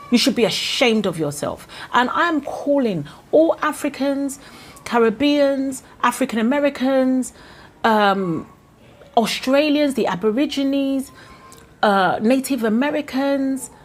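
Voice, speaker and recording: A woman's voice: on the high side, breathy edge. Fiery Ghanaian woman vlogger. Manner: fiery, indignant, rhetorical questions. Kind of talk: impassioned opinion vlog.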